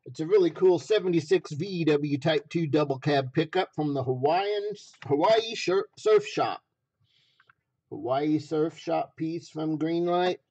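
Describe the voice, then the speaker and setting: A hoarse man running a live stream auction, repeating phrases as he hypes each item from a basement room. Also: fairly high pitch, a little slow, darkish tone.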